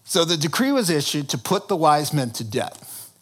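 Animated, joking male preacher. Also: on the high side, moderate pace, breathy edge. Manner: animated, humorous storytelling. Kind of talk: sermon.

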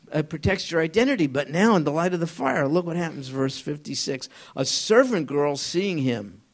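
A man teaching an informal Bible study to a small group, conversational and halting, often asking them questions. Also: on the high side.

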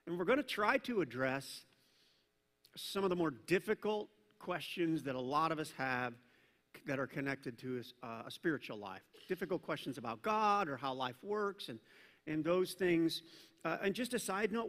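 A male pastor preaching a sermon in a conversational, animated way, with casual asides to the congregation. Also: on the high side. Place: church sanctuary. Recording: reverberant church hall.

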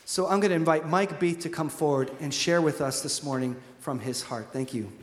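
A man's voice: a little high, fairly quick, background noise. A man, a church pastor, introducing a guest speaker from the pulpit, hesitant and full of fillers. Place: church hall. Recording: roomy church hall with long reverb.

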